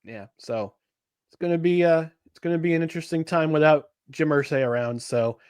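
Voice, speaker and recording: A man's voice: a little high, fairly quick, darkish tone, clean tone, dry recording, clean studio sound. A man co-hosting a casual podcast, rambling with many restarts and fillers. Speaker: podcast co-host.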